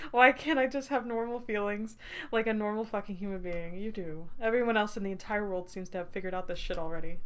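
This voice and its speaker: A woman's voice: medium pitch, brisk. A young woman streamer reading a story game aloud, breaking off to swear and laugh at it. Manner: swears freely, bursts into laughter. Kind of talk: reading a visual novel aloud with reactions.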